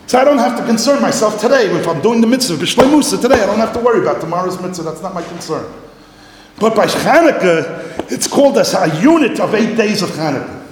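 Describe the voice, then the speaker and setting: A man giving a Talmudic lecture, animated and repetitive, mixing in Yiddish and Hebrew terms, coughing now and then. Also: high-pitched. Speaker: Torah teacher. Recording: echoey hall, faint noise.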